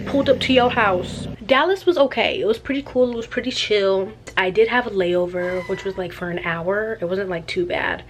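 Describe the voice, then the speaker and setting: A young woman telling an animated, chatty travel story in a casual vlog. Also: mid-range voice, normal speed, few pauses, a little hiss or hum. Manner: animated and chatty, with slangy asides. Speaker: vlogger.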